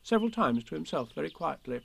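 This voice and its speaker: A man reading children's poems and stories aloud in a gentle, expressive way. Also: mid-range voice, normal speed, a little hiss or hum.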